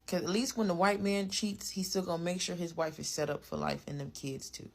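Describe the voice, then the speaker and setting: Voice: mid-range voice, steady tone, a little fast, hardly any pauses. A speaker giving casual commentary, angry and heated, swearing heavily.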